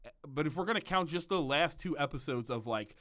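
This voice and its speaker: A man's voice: a little high, lively intonation, a little fast, bright, forceful tone. A man hosting a comedic podcast, ranting animatedly and laughing often as he recaps a show. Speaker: podcast host.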